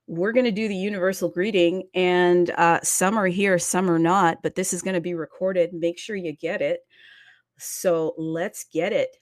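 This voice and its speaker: Woman host, playful chatty delivery, lowish voice, dry close sound. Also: fairly even intonation, unhurried, no room sound. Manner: playful, chatty, singsong greetings. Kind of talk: casual crypto show hosting.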